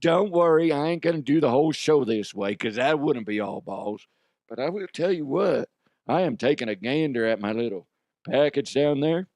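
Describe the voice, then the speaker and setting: A man with a hoarse voice putting on a crude, boastful cowboy drawl. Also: mid-range voice, a little mellow, dry recording, studio quality, natural voice. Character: drawling swaggering male cowboy.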